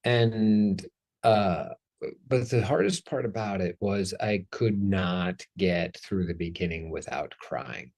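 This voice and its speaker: A man's voice: low-pitched, slow pace, darkish tone. A man hosting a casual talk show, talking in a playful, chatty way and joking about himself. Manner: playful, chatty, self-deprecating. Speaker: host.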